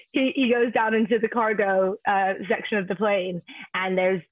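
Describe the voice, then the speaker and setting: A woman's voice: medium pitch, steady tone, unhurried. A woman co-hosting a podcast, chatting casually and laughing often. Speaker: podcast co-host. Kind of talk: casual chat. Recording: dull lo-fi podcast audio.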